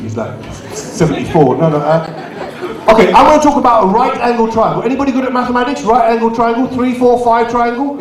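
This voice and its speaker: A man doing live stand-up comedy and bantering with the crowd as compere. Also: extremely high pitch. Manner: banters with the crowd, quick asides. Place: community venue hall. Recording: echoey hall, distant mic, audience.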